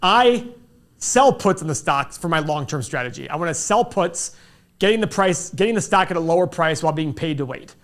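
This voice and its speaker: High-voiced animated man telling stories. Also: brisk. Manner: animated storyteller, acts out dialogue. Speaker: stock market show host. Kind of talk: casual livestream chat.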